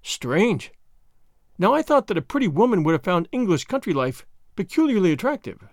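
A shrewd middle-aged French spy, quiet and sarcastic, who flatters with mock gallantry, as a male narrator plays him. The delivery stays smooth and close, with a lively, rather high voice. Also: normal speed, dry recording. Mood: sly, sarcastic.

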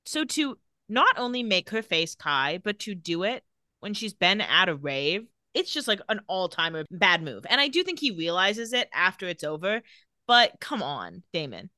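A woman's voice: mid-range voice, normal speed, no echo, studio quality. A woman co-hosting a podcast, casually retelling a TV episode and acting out its lines. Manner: animated, acts out lines from the show with laughs. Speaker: podcast co-host recapping a TV episode. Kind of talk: casual chat, retelling scenes.

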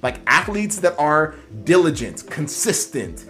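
A man's voice: fairly high pitch, big pitch swings, a little slow, fairly bright tone, faint music behind. A man coaching students applying to physical therapy school, talking earnestly with many fillers and restarts. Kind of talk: motivational coaching talk.

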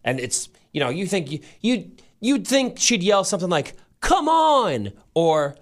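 A man co-hosting a morning radio show, telling stories with lively quoted voices. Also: sits high, moderate pace. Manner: animated storyteller, acts out shouts and quotes. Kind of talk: casual morning show banter.

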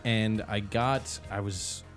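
A man's voice: fairly low pitch, steady tone, slow pace, soft background music. A man co-hosting a podcast, telling a story in casual chat, swearing and laughing often. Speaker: podcast co-host.

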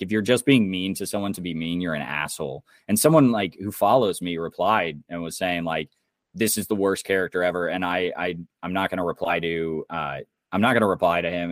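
A young man from Indiana with a deep voice co-hosts a podcast, ranting angrily and swearing in a heated way during casual chat. The studio-quality recording has no echo.

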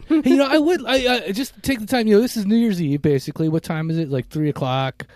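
Mellow-voiced man in his fifties rambling. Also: sits high, no room sound. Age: 50s. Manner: rambling, reflective, halting restarts. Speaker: podcast co-host. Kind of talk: casual chat.

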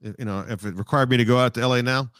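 A man's voice: medium pitch, very fast, fairly bright tone, clean tone, dry recording, clean studio sound. A middle-aged man, a sportscaster, telling stories in a casual interview, rambling and reflective with many restarts. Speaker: sportscaster guest.

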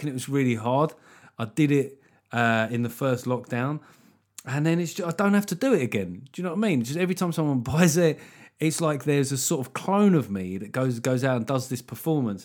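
A man's voice: medium pitch, darkish tone. A middle-aged man hosting his own podcast, chatting casually with rambling, self-deprecating jokes. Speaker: comedian and podcast host. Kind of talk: casual solo podcast chat.

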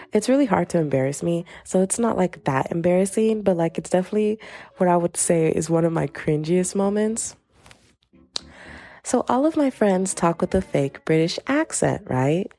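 Low, gravelly-voiced young woman podcaster. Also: mellow. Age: young adult. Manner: slangy, rambling, dramatic storytelling. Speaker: podcast host. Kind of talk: casual solo podcast chat. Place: home, bedroom.

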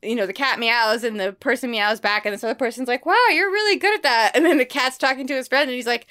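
A woman's voice: a little high, fast. A woman in her forties co-hosting a podcast, chatting casually and playfully, often putting on silly voices when she tells a story. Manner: animated, playful, slips into silly voices for stories. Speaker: podcast co-host. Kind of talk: casual chat about books and daily life.

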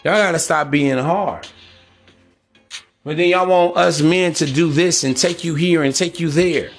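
Male podcast host, slightly high voice, blunt and preachy, street slang, faint music underneath. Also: unhurried. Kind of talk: casual monologue.

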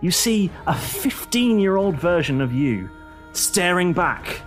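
A man's voice: sits high, big pitch swings, takes it slowly, soft background music. A man running a tabletop role-playing game as game master, narrating scenes in a dramatic, descriptive way and repeating words for effect.

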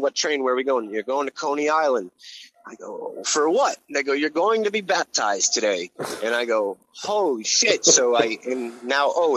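A man's voice: medium pitch, a bit bright, rough recording. A man telling his story on a podcast in a casual, blunt way, swearing a lot and restarting his sentences. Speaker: podcast guest.

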